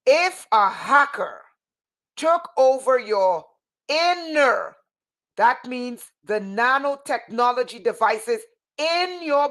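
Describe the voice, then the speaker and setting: A woman speaking on a livestream as a spiritual teacher, fervent and emphatic, repeating phrases and at times raising her voice to a shout. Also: on the high side. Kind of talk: impassioned livestream talk.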